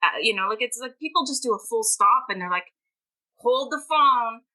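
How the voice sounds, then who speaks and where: A woman's voice: on the high side, animated, fast, pushed and bright, rough recording. A woman, a guest author and language teacher, talking emphatically and at length in a podcast interview. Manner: passionate, emphatic and talkative.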